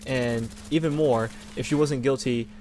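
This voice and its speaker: A man's voice: mid-range voice, steady tone, a little slow, a little mellow. A young man hosting a gaming channel, talking in a rambling, indignant rant with many restarts. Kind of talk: casual opinion rant over gameplay.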